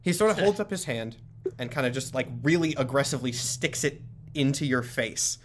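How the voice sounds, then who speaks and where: A man narrates as game master of a tabletop game, easygoing and explanatory. His pitch moves in a lively way as he sets scenes and explains rules. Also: fairly quick, slight background noise. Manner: relaxed, explanatory, filler-heavy.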